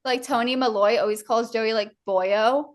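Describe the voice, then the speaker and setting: A woman's voice: a little high, steady tone, normal speed. A woman from New Jersey co-hosting a book podcast, bubbly and laughing as she retells conversations. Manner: bubbly, laughing, quotes others. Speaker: podcast co-host. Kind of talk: casual chat.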